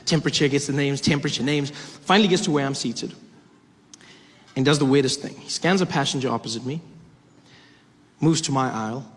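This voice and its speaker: A man from South Africa performing stand-up comedy, telling an animated story full of characters. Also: mid-range voice, fairly quick, pauses often, slightly rough, long reverb tail.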